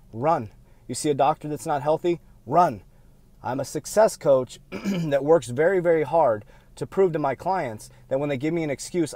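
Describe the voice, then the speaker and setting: A man's voice: on the high side, no room sound. Emphatic, punchy man giving a pep talk. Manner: emphatic and repetitive, swinging from loud bursts to quiet admissions. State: short on sleep. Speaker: motivational speaker and success coach. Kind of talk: candid motivational vlog to viewers.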